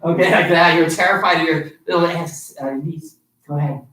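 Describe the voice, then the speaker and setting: A man's voice: on the high side, fairly even intonation, normal speed, a bit bright. A man teaching a live-streamed children's martial arts class, upbeat and coaxing, praising the kids. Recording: roomy sound from far off.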